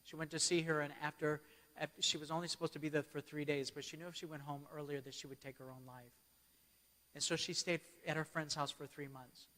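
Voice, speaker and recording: A man's voice: a little high, flat delivery, fairly quick, fairly bright tone. Man preaching in a reverberant hall. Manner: checks in with the audience. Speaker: speaker giving a church keynote. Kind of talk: storytelling sermon. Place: church hall.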